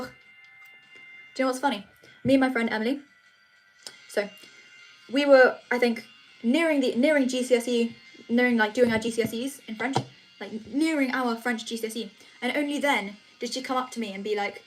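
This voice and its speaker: A woman's voice: on the high side, normal speed, soft background music. A teenage girl from England chatting casually on a livestream as she reads and answers comments, often restarting her sentences. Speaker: livestream host. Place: home room.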